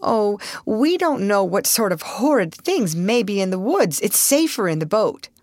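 A woman's voice: medium pitch, big pitch swings, unhurried, darkish tone, no echo, pitched above the performer's own voice. Ruth, a woman reading as a timid young woman. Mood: fearful. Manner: faltering, pleading. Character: anxious timid young woman, easily frightened.

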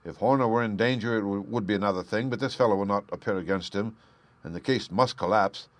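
A man reading aloud plays a calm, aloof detective who speaks in measured, quietly authoritative tones. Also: fairly low pitch, lightly acted. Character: calm, aloof male detective, middle-aged.

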